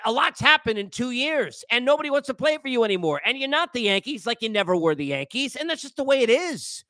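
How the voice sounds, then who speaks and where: A man rants through sports commentary in a high, sharp, forceful voice, lecturing his listeners with exasperation. The sound is dry and close, with no room around it. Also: no echo. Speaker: sports podcast host.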